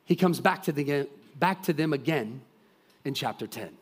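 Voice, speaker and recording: A man preaching a sermon, retelling a story with lively acted-out voices and dropping to quiet, earnest intensity. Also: a little high, moderate pace, breathy edge. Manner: animated storytelling, acting out voices of characters; drops to soft, quiet intensity.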